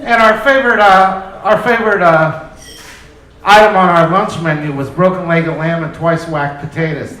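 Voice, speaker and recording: On a comedy club stage, a high-voiced stand-up comedian works through his set at a moderate pace, his tone a bit bright. His humor is loose, profane, and self-deprecating, while the crowd's laughter echoes around the room.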